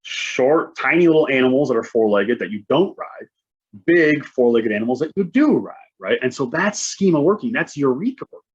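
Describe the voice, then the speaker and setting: A man gives a conference talk in a relaxed, conversational way, checking in with the audience through constant "right?" tags. His voice is husky. The recording sounds muffled and lo-fi. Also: mid-range voice, moderate pace. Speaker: conference presenter. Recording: dull lo-fi sound.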